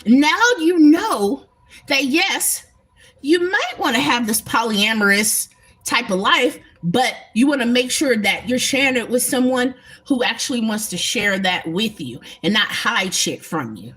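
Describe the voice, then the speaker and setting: A woman's voice: a little high, expressive, unhurried, a bit bright, husky. A woman talking emphatically and bluntly to her viewers in a casual spiritual livestream, swearing freely. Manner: emphatic, profane, talks straight to viewers.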